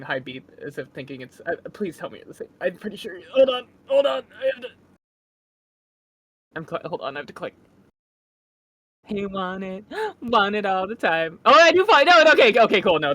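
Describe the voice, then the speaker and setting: Co-streamer, casual chat, animated swooping pitch, excitable, loud bursts. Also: no room sound. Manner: excitable, quick to laugh and yell. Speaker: guest co-streamer filling in.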